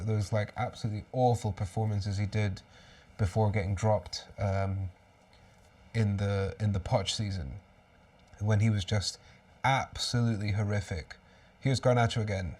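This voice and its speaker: A man's voice: on the low side, darkish tone, husky, recorded from a distance. A man hosting a live fan watchalong stream, commentating on the match with exasperated outbursts and resigned muttering.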